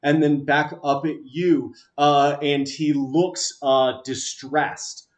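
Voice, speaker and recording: A man narrating as game master of a tabletop game, halting and full of filler sounds. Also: a little high, level tone.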